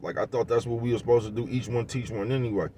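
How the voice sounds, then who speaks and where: A man's voice: mid-range voice, steady tone, fast talker, recorded from a distance, slight background noise. A man ranting casually to his viewers in heavy slang, rambling and laughing, often asking if you know what he's talking about. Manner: laughs often, gets loud and heated. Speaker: vlogger. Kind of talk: casual rant to camera.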